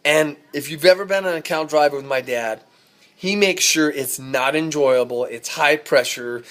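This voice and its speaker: A man, a rodeo cowboy, telling a ranch story in a folksy, animated, self-amused way. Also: a little high, normal speed. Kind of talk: casual spoken storytelling.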